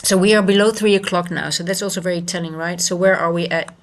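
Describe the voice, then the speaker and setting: Gravelly-voiced woman streaming, halting chat. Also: on the low side, fairly even intonation. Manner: rambling, halting, many restarts and fillers. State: moved and emotional. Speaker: futures trader and coach streaming live. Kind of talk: casual live-stream chat.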